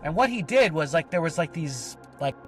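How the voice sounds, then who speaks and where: A man with a slightly high, sing-song voice talks at normal speed over soft background music. He co-hosts a podcast and is telling a personal story casually, rambling and swearing with lots of filler words.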